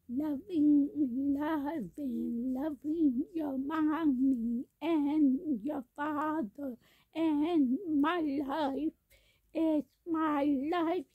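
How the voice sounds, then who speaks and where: A woman's voice: high-pitched, steady tone, drawn-out words, no room sound. A woman in a rambling sung-spoken monologue, repeating each phrase again and again. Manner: repetitive, chanting phrases over and over. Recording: tinny phone-like dry recording.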